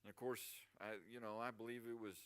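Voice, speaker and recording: A man's voice: medium pitch, little pitch movement, fast talker, smooth. A male pastor preaching a sermon at a church service, emphatic and full of rhetorical questions to the congregation.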